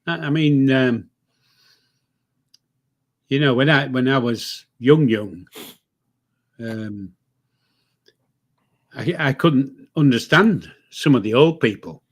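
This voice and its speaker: An older Yorkshire man on a live stream, easygoing and quick to agree. He mostly answers in short replies and now and then tells a longer story of his own. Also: medium pitch. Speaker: co-host. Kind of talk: casual live-stream chat.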